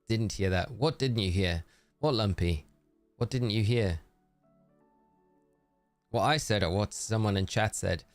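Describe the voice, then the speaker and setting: A man's voice: low voice, a little mellow, no echo. Upbeat man chatting on stream. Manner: chatty and upbeat, thanking viewers by name. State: tired voice. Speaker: gaming live streamer. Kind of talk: casual live-stream chat while gaming.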